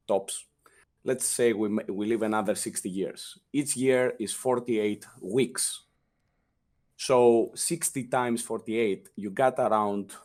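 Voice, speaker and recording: A young man with a European non-native English accent, a guest telling casual, profane stories in an interview and acting out the people he quotes. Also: fairly low pitch. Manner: profane, animated anecdote telling with acted quotes. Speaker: guest, former guild leader.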